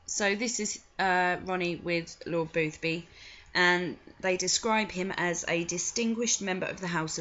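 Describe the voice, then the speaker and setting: A woman's voice: lowish voice, fairly bright tone. A woman giving frank, chatty commentary on film clips, with disgusted asides. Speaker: video commentator. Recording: dull lo-fi recording.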